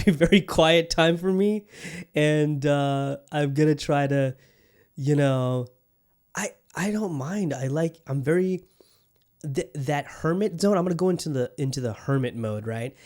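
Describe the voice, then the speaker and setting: A man's voice: medium pitch, moderate pace, warm tone. A man hosting a solo podcast in a casual monologue, rambling and restarting his sentences often, loose, joking and profane. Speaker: podcast host.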